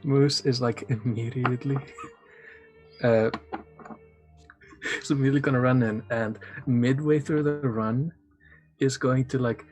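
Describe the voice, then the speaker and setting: A man playing a tabletop game, describing his character's antics in a rapid-fire, playful way. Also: mid-range voice, fairly even intonation, faint music behind, low-quality recording. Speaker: player.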